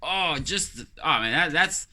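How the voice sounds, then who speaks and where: A man's voice: a little high, animated, takes it slowly, pushed and bright. A man, rambling casually to the camera as a vlogger and joking as he tells stories. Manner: loose, joking storyteller who acts out quoted voices.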